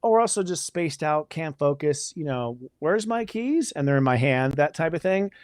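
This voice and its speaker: A man hosting a live astrology show, talking in a chatty, energetic way with spiritual enthusiasm. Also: on the high side, moderate pace, smooth, no echo, studio quality. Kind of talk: casual live astrology talk.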